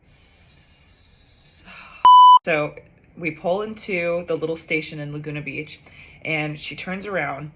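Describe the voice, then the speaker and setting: A woman's voice: low-pitched, slow, long pauses, heavy background noise. A young woman, a comedian, telling a personal story in a casual, self-mocking way, acting out the dialogue with big jumps in her voice.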